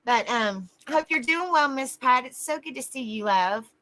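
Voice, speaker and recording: A woman's voice: sits high, expressive, moderate pace, bright, forceful tone. A woman hosting a casual livestream, greeting viewers by name and calling them honey. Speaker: livestream host.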